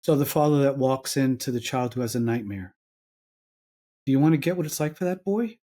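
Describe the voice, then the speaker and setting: A man's voice: mid-range voice, lively intonation, brisk, mellow. An older man from New York with a New York accent, a psychologist and author being interviewed, acting out little dialogues in shifting voices. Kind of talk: reflective interview talk.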